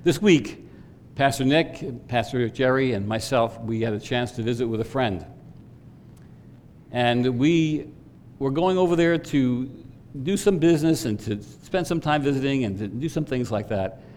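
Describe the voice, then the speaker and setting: A middle-aged male pastor delivers a sermon with earnest conviction, lifting his voice on questions to the congregation. His voice sits at an ordinary pitch. The sound carries the long reverb of a church sanctuary, with a faint low rumble beneath. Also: unhurried, darkish tone.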